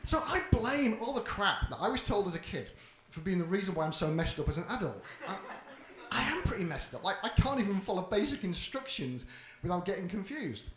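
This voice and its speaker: A man's voice: high voice, fairly quick. A man doing a stand-up comedy routine on a club stage, brash and swearing as he tells his stories. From Britain. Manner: brash, swearing, animated storytelling. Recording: roomy club echo.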